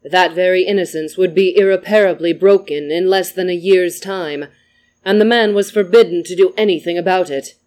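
A reader narrating a story with an even, gentle delivery. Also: medium pitch, normal speed.

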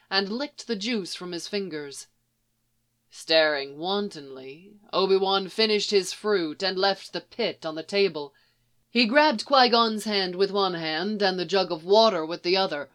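A narrator reading a story aloud in a soft, measured way. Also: medium pitch, clean tone. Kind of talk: audiobook reading of fan fiction.

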